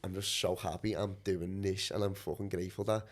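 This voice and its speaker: A man's voice: deep voice, flat delivery, brisk. A man talking as a guest on a podcast about his coaching work, rambling loosely with plenty of fillers and swearing. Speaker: guest, mind and body coach. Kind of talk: casual podcast chat.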